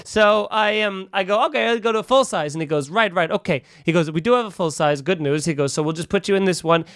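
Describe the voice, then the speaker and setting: Bright-voiced man telling a story. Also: high-pitched, quick pace, smooth, dry recording, studio quality. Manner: animated, acts out both sides of a quarrel, swears. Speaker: podcast host. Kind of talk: casual storytelling chat.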